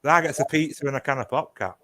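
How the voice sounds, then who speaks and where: A man's voice: on the high side, quick pace, crowd noise. A man bantering in a casual chat, joking and swearing.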